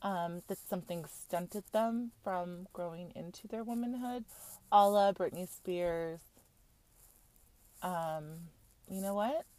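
Speaking slowly in a lowish, slightly mellow voice, a young woman from Utah hosts a podcast recapping a reality show. It's casual chat: frank, loaded with fillers and blunt swearing, with no room sound.

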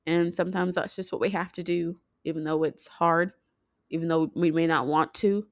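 A young woman speaks straight to her viewers in a heartfelt personal vlog, her voice sitting a little low. She talks haltingly, often stopping and starting over. The sound is close and dry, with no room around it. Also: fairly even intonation, dry recording. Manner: heartfelt, halting, many restarts. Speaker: vlogger.

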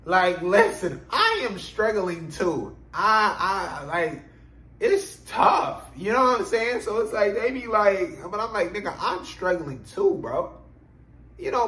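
A man's voice: high voice, moderate pace, few pauses, roomy sound, rough recording. A man telling a story in a casual, profane podcast monologue, with frequent fillers and laughter. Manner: animated and profane, many filler phrases, laughs while telling. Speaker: podcast host.

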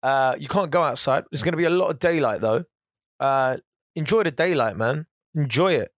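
A young man chatting casually on his solo podcast, animated and slangy. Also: on the high side, normal speed, no echo, clean studio sound. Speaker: podcast host.

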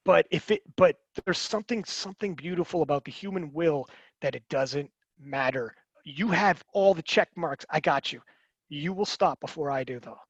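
A high-pitched man holds forth in a rambling, animated podcast chat, restarting his sentences and swearing as he goes. His voice sounds dry and close, yet dull, as if the sound were muffled. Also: moderate pace, husky, no room sound.

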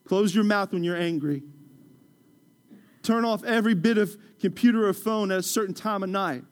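A man's voice: high-pitched, normal speed. Impassioned man preaching a sermon. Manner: impassioned preaching, rising loud then dropping soft. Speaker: pastor. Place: church.

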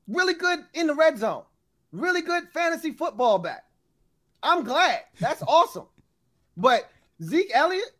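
A man arguing football in a heated sports debate, animated and laughing while he talks over the others. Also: very high-pitched.

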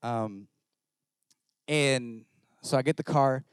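A male pastor preaching a sermon, telling a story in an animated, self-mocking way. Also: medium pitch, slow pace, smooth, no room sound.

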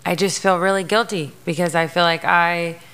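Young female podcast host; candid, swears a lot, gravelly fry in a smooth voice. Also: fairly low pitch, fairly even intonation, normal speed, a bit bright. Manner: frank and emotional, swears freely, many fillers. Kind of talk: candid personal monologue.

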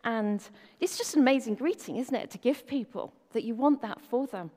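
A woman's voice: fairly high pitch, normal speed, dark tone. Woman preaching in a reverberant hall. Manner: conversational, asks rhetorical questions. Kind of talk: sermon.

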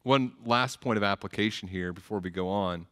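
A man's voice: lowish voice, moderate pace, fairly bright tone. A man preaching a sermon as a pastor, earnest, often repeating words as he starts phrases.

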